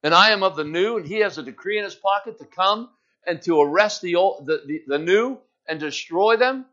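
A man's voice: sits high, expressive, brisk, bright, forceful tone, lo-fi sound. A man acting out a fervent devoted disciple. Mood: startled. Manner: fervent, pleading, stammering when scared. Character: eager devoted male disciple, then nervous.

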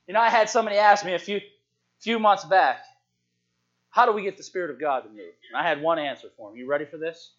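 Lively high-voiced male preacher, lo-fi. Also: fast talker. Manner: lively, call-and-response preaching, swings from hushed to shouting. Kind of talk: sermon. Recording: dull lo-fi sound.

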